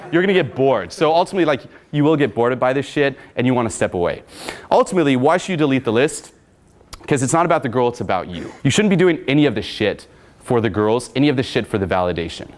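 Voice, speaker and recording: Swaggering, animated young male coach. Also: mid-range voice, quick pace. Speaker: dating coach. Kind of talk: casual coaching talk.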